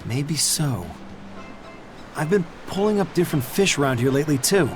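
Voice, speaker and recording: A man's voice: a little high, lively intonation, moderate pace, over music, natural voice. A man voicing a fisherman villager in a video game, talking matter-of-factly with an odd glee. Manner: matter-of-fact, oddly gleeful. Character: gruff, odd male fisherman.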